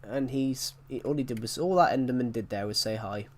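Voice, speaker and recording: A man with a mid-range voice chats casually while he plays. He rambles, circles back and corrects himself mid-sentence, like a relaxed gaming channel host. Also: mid-range voice, a little fast. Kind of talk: casual gameplay commentary.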